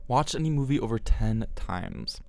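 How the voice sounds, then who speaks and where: A young American man co-hosting a podcast in casual chat, an animated storyteller who acts out the quotes and laughs often. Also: fairly low pitch, normal speed, gravelly, no echo. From United States. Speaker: podcast co-host.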